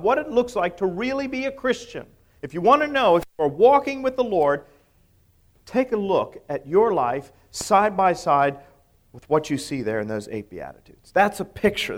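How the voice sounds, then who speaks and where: Lively, animated male preacher. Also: on the high side. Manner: expressive preaching, rises and drops for emphasis, asks the congregation questions. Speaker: pastor. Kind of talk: sermon.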